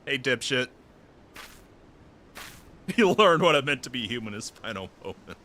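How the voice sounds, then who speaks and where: A man streaming a game, excitable and profane, reacting loudly and reading dialogue aloud. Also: medium pitch, moderate pace. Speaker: VTuber streamer. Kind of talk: casual gaming stream.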